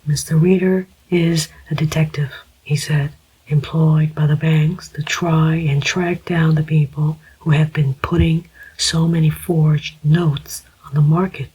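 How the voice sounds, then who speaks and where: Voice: mid-range voice, flat delivery, unhurried, a little mellow, breathy edge, low-quality recording. A narrator whispering the part of a firm, principled older man who is a father, as whispered role-play. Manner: firm, emphatic.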